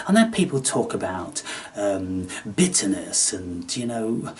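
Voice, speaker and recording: A man's voice: medium pitch, animated, unhurried, recorded from a distance. Theatrical man, set back from the mic. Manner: theatrical, taunting, swings between loud and hushed. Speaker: channel host. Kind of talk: spiritual vlog monologue.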